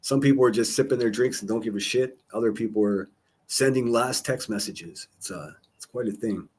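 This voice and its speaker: A man's voice: mid-range voice, fairly quick, a little mellow, slightly rough. A man hosting a call-in livestream, ranting in a profane, combative and mocking way while greeting viewers.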